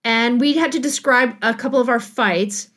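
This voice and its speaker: A middle-aged woman, a guest author on a podcast, telling a personal story in a casual, animated way and laughing often. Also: fairly high pitch, moderate pace. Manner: animated, laughing, acts out quotes.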